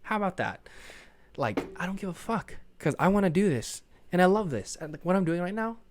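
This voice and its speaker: A man's voice: high voice, animated, brisk, darkish tone, no echo. Tired young man rambling, dry sound. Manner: rambling, self-deprecating, swears freely. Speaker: podcast host. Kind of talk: casual solo podcast chat.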